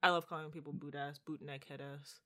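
Young DC-woman co-host, bright edge, blunt and opinionated, casual slangy chat. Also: low-pitched, little pitch movement, a little fast. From DC–Maryland–Virginia area. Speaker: podcast co-host.

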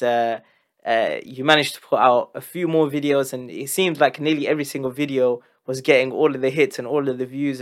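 A man's voice: mid-range voice, fairly bright tone. A man hosting a casual interview, reflecting thoughtfully and asking open questions, with Arabic religious phrases in his talk. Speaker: podcast host.

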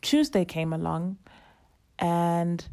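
Casting: young woman, low-ish voice, lively casual storyteller who acts out dialogue. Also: slow pace, gravelly. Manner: animated, acts out quoted dialogue, laughs often.

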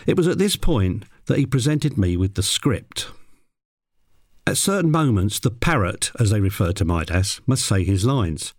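A man's voice: expressive, moderate pace, darkish tone, no echo. A man recalling a work story in a dry, wry storytelling manner. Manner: mimics a parrot in a high voice. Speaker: animal handler telling a story. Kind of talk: personal anecdote narration.

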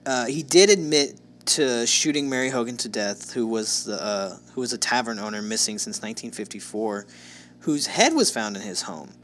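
A man's voice: mid-range voice, expressive, moderate pace, fairly bright tone, slight background noise. A man co-hosting a casual true-crime podcast, narrating case details with sarcastic jokes. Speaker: podcast co-host.

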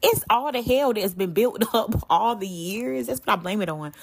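A woman's voice: mid-range voice, normal speed, slightly rough. A young adult woman hosting her own podcast. She talks candidly in slang, curses often and speaks straight to her listeners. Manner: candid, slangy and animated, with frequent cursing. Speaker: podcast host. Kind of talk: casual solo podcast talk.

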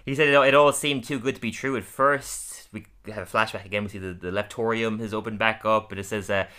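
Podcast co-host, male, bright tone, animated recap with frequent laughs. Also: on the low side. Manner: animated, laughs often, acts out lines in quick voices. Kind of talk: casual episode recap.

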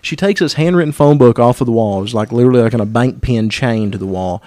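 A man's voice: medium pitch, fast talker, warm tone, no room sound, clean studio sound. A man hosting a podcast, telling a comic story in a profane, self-interrupting way. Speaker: podcast host.

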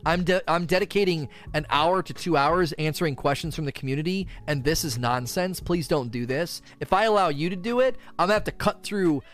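A man streaming casual gaming commentary, answering community questions in an animated, exasperated rant with frequent repetitions. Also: on the high side, brisk, few pauses.

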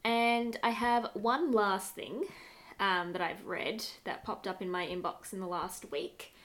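A woman's voice: mid-range voice, steady tone, a little slow, fairly bright tone. A woman co-hosting a podcast in casual chat, talking loosely with many fillers and laughs. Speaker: podcast co-host.

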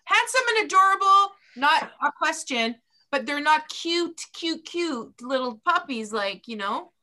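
A woman's voice: high voice, animated, a little slow, pushed and bright. A woman co-hosting a podcast in casual, playful chat, laughing often. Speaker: podcast co-host, doula.

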